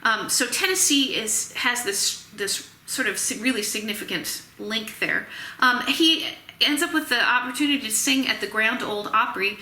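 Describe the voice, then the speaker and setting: Female lecturer, recorded class, bright, fairly high voice, chatty with fillers, echoey room. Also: normal speed. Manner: chatty, full of fillers and restarts. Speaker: music history lecturer. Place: Tennessee.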